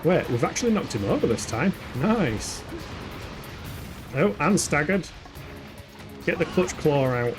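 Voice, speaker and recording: A man's voice: fairly high pitch, big pitch swings, unhurried, long pauses, music in the background. A man from England with a Yorkshire accent, giving jokey, chatty live commentary while playing a video game and answering chat questions. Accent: Yorkshire English. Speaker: gaming streamer. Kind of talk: live let's-play commentary.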